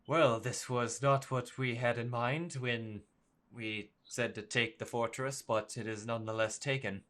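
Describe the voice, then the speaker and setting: A man's voice: medium pitch, steady tone, unhurried, fairly bright tone, lightly acted. A man voicing a stately male leader who speaks formally and courteously. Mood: gracious.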